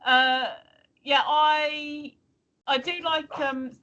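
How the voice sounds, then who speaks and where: Bright-voiced older woman, rambling. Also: high-pitched, flat delivery, drawn-out words, muffled recording. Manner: rambling with many hesitations. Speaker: co-host. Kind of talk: casual livestream chat.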